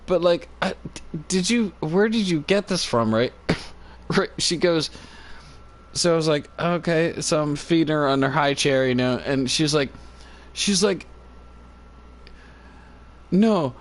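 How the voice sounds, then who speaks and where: A man chatting casually on a livestream into a phone, laughing often and talking in loose, halting, filler-filled sentences. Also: on the high side. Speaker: live streamer. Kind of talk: rambling casual chat. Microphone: phone on a cord.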